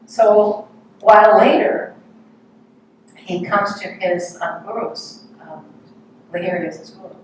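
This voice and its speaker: A woman's voice: medium pitch, a little slow, pauses often, slight background noise. Woman giving a reflective sermon, echoey room. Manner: storytelling, gentle, reflective. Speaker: speaker at a spiritual service. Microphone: distant mic. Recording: echoey room, distant mic.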